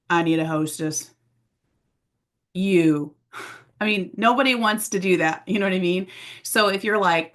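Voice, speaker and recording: A woman coaching a sales team in an energetic, chatty way. She keeps breaking into short, bright, high-pitched voices to act out scenes, and her speaking pitch sits in an ordinary middle range. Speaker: sales trainer. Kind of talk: motivational training talk. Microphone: presenting to a camera audience.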